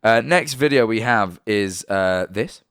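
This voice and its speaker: A man's voice: on the low side, lively intonation, measured pace, a bit bright, clear, resonant tone, dry recording. Chatty young British man, dry sound. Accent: British English. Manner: rambling, self-correcting, chatty. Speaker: streamer. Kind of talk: casual live-stream reaction chat.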